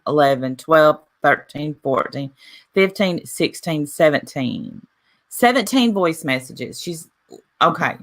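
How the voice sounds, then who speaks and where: A woman with a notably low yet bright, forceful voice talks straight to her viewers in a casual vlog. She retells an argument line by line, switching between "I said" and "she said" and reading messages out loud. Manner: retelling a dispute with repeated "I said, she said"; reads out messages aloud. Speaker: YouTuber.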